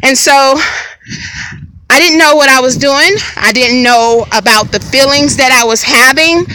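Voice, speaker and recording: A woman's voice: sits high, a little slow, pushed and bright, clear, resonant tone, rough recording. A woman vlogger telling a personal story outdoors by a lake, frank and conversational, speaking straight to her viewers. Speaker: family vlogger.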